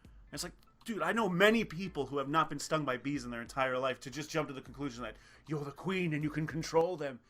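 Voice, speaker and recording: Young male co-host, bright voice, casual and animated, salty language. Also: on the high side, fast talker. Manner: animated, swearing, mimics film characters. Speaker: podcast co-host, film reviewer. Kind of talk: casual chat.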